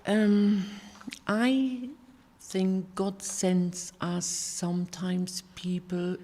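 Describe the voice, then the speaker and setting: An older woman gives a personal testimony sermon in an earnest, halting way, with many restarts and fillers. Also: mid-range voice, level tone, mellow. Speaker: sermon giver. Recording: hall reverb.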